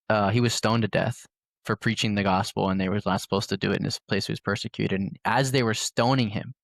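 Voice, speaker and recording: Casual chat, low-ish young male voice, loose rambling delivery, dry room. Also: dry recording. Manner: rambling storytelling with many fillers. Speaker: podcast host. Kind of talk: casual conversation.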